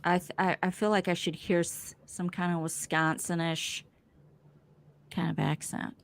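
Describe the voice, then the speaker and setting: A woman's voice: on the low side, little pitch movement, measured pace. Joking Southern woman podcast host. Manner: joking, laughs easily. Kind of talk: casual recap chat.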